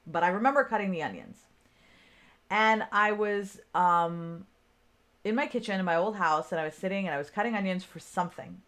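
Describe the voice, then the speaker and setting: A woman's voice: medium pitch, moderate pace, fairly bright tone. Woman, casual storyteller, conversational, keeps checking in with listeners. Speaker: speaker on self-care.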